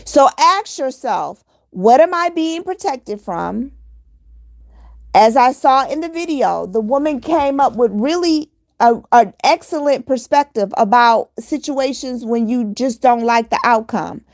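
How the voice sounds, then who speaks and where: A woman with a fairly high voice delivers a motivational monologue straight to her listeners. She speaks earnestly and hammers her points home by repeating them. The sound is dry and close, with no room echo. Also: animated, measured pace. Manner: earnest, repetitive, preachy exhortation. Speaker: motivational vlogger.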